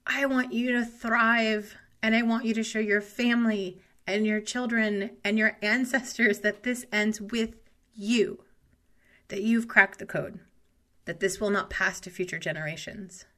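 A woman's voice: on the high side, steady tone, unhurried, bright, forceful tone. A woman talking straight to her audience in an earnest, encouraging way, sharing her own experience as a creator. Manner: earnest, encouraging, addresses listener directly. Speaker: wellness content creator. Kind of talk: heartfelt direct-to-camera talk.

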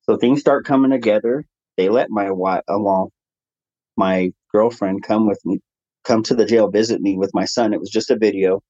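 Interview guest, male, low-pitched, earnest storyteller, dull dry recording. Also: normal speed, no room sound. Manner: earnest, animated when quoting others. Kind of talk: conversational storytelling.

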